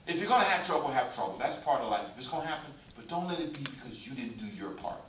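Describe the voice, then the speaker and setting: A pastor preaching a humorous, exhorting sermon in a church sanctuary and drawing the congregation into call and response. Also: male voice, medium pitch, very animated, fast talker, a bit bright. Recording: echoey church hall, mic far off.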